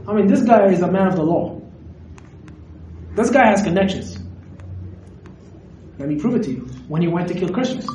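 A man preaching a sermon, animated and questioning his audience directly. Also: sits high, background noise. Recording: echoey hall recorded from a distance.

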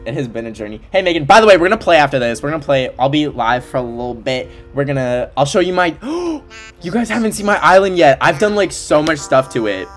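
A man livestreaming a game in casual chat, excitable and emotional, gushing over what he sees, at his desk at home. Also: on the high side, fast talker, few pauses. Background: faint game music.

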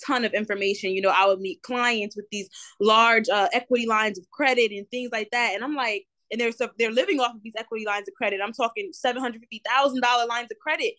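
A woman in her twenties with a New Jersey accent, a guest telling her story in a lively, slangy, talkative way with plenty of ums. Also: on the high side, fast talker, no room sound. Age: 20s. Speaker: guest entrepreneur. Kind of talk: casual interview.

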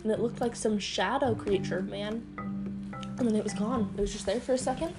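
In her bedroom at home, a young woman vlogger rambles casually, giggling and wandering between topics with plenty of ums. Her voice is medium-pitched and brisk, the recording is low quality, and music plays in the background.

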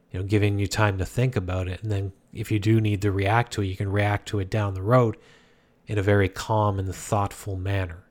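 A man talking calmly through life advice in a casual, rambling way, often restarting his sentences. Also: fairly low pitch. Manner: calm, rambling, many restarts. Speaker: speaker giving life advice. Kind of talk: casual self-help talk.

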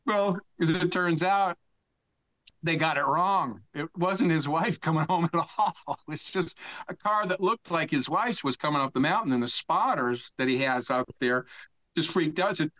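A man's voice: fairly high pitch, moderate pace, a bit bright, no echo. An older man from the United States, a podcast guest, telling a rambling, profane story in casual talk and laughing as he goes. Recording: dull lo-fi dry sound.

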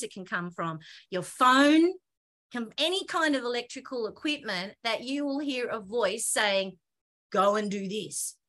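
This is a woman with a bright, forceful voice that sits a little high for a woman. She talks as a guest in an interview, with an excitable, animated delivery. She keeps cutting herself off and starting her sentences again. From Australia. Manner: animated, excitable, breaks off and restarts often. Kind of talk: conversational interview storytelling.

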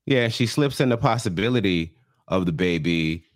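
A man with a low, easygoing voice recaps a reality show for his co-host. He slips into the people's lines as he tells it, and there is almost no room sound around him. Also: dry recording, studio quality. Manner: animated retelling, acting out the people in the show in quick put-on voices. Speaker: podcast co-host. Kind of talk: casual comedic recap chat.

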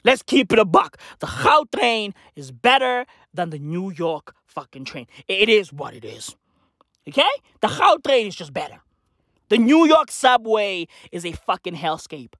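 A vlogger ranting to camera in a slangy, profanity-filled comedic monologue, repeating "bruv" and "fam," with a voice going hoarse. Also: mid-range voice, sing-song, measured pace, fairly bright tone, no room sound, clean studio sound. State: losing their voice, hoarse.

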